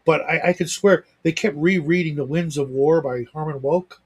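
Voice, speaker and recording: A man's voice: a little high, normal speed, breathy edge. A man hosting a livestream, chatting casually and rambling with lots of restarts and asides. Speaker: livestream host. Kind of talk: casual chat.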